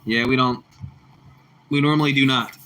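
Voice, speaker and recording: A man chatting on a casual livestream with a bright, forceful voice. He talks in loose, repetitive bursts and laughs easily. He calls his viewers bro and bucko. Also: mid-range voice, steady tone, normal speed. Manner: laughs a lot. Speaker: livestream host reading chat.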